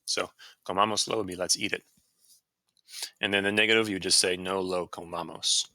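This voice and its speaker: A man with a low voice and a very bright, sharp tone walks through a screen-recorded Spanish grammar lesson. He explains casually, with fillers and quick self-corrections. The sound is dry and close to the mic. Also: fairly even intonation, no echo. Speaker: Spanish teacher.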